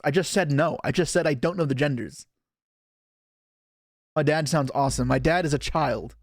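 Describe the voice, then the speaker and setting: A young man from Canada talking loosely on his live stream, rambling and poking fun at himself as he answers chat. His voice sits a little high for a man, and the sound is close and dry with no room around it. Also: normal speed, long pauses, no echo. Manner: rambling, self-deprecating, reading chat aloud.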